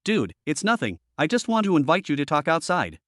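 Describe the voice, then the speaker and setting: A man's voice: on the high side, big pitch swings, fairly quick, fairly bright tone, no echo, clean studio sound. A man voicing a pushy bald thug. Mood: menacing. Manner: fake-friendly, then impatient and menacing. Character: tattooed bald male thug, pushy and threatening.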